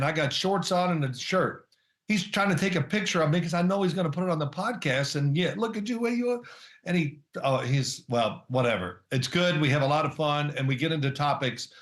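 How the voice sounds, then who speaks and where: A man's voice: a little high, a bit bright, echoey room. An older man, a former quarterback, chatting as a guest in an interview and rambling through anecdotes with chuckles. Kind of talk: casual interview chat.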